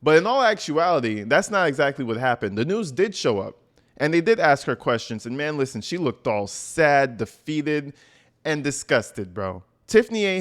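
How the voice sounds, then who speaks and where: Male commentary YouTuber, slangy and emphatic, mid-pitched, casual talk. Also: fairly bright tone.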